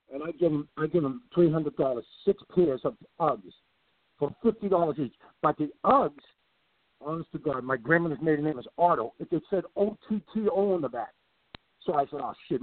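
A middle-aged man telling long rambling stories in a casual, animated way. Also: fairly high pitch, dry recording. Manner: rambling, animated, repeats himself. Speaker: guest. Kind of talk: casual storytelling. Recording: tinny dry call line.

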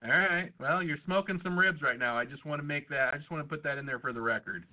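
A man's voice: a little high, quick pace. A man hosting a podcast, trading crude, irreverent jokes in casual banter. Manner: irreverent, profane, joking. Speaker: podcast host. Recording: tinny phone-like audio.

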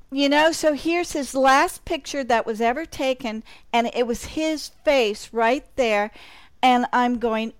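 A woman's voice: fairly high pitch, no echo. A woman hosting a talk show, chatting casually and reacting to her guest. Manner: responsive, with short reactions. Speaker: podcast host. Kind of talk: casual interview chat.

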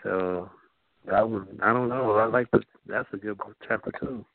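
A soft-spoken man giving an informal teaching and hosting, talking haltingly with frequent restarts. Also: lowish voice, steady tone, creaky, dry recording. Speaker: teacher and host. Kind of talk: informal teaching over a phone line. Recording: tinny phone line.

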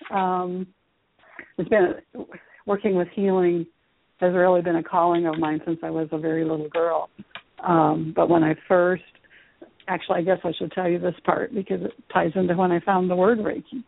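A middle-aged woman, a guest, telling a story about her childhood in an animated way, acting out the dialogue. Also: on the low side, gravelly. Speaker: guest, Reiki teacher. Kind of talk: storytelling in an interview. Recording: phone-line call-in audio.

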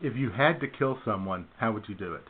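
A man's voice: on the low side, animated, brisk. Upbeat male radio host, tinny sound. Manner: upbeat quiz-style questioning, laughs easily. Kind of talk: casual talk radio banter.

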